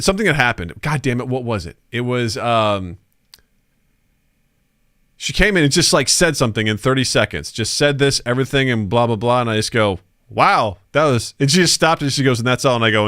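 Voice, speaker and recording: A man's voice: mid-range voice, no room sound, studio quality. A man co-hosting a podcast in casual chat, telling stories and acting out voices, laughing often. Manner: animated storyteller, acts out voices, laughs often. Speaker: podcast co-host.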